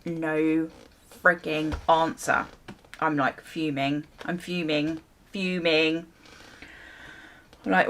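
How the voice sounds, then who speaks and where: Slow-talking woman telling a story. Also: fairly low pitch. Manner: animated storytelling with mild swearing and acted-out reactions. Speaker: beauty vlogger. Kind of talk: casual storytime while doing hair.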